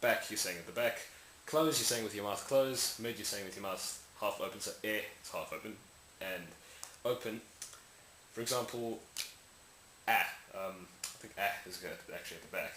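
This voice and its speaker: Casual male tutor, lowish bright voice, rambling, demos sounds; echoey room with faint hiss. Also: fairly quick. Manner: rambling, self-correcting, demonstrating sounds aloud. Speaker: language tutorial maker. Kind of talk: casual explainer lesson.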